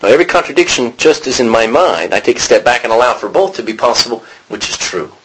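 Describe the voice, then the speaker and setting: A man's voice: mid-range voice, quick pace, slightly rough, rough recording. A man teaching an informal Bible study, asking the class questions and acting out the lines he quotes. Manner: animated, acts out quotes, asks the class questions.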